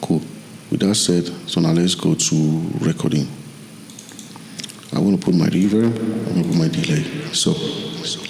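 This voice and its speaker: A man teaching music recording software in a loose, rambling tutorial with many restarts, from a home studio. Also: low-pitched, unhurried, gravelly, long pauses, slight background noise.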